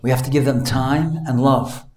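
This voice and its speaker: A man's voice: normal speed, a little hiss or hum. Man telling stories in an echoey room. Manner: animated storytelling, voices the child in a high pitch. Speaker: speaker telling stories to an audience. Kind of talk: storytelling talk.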